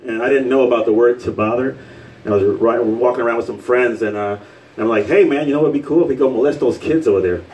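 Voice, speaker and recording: A man's voice: mid-range voice, fast talker, darkish tone, distant mic, poor audio. A man from Puerto Rico doing live stand-up comedy in a bar, rambling loosely and acting out quotes. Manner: loose, rambling delivery with fillers and acted-out quotes. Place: bar stage with a live audience.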